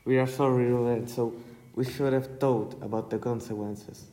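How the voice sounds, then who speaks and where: A man's voice: medium pitch, fairly even intonation, normal speed, mellow, close to an everyday voice. A man playing a young prankster in an amateur class radio play, reading his lines plainly and earnestly. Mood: apologetic. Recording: long reverb.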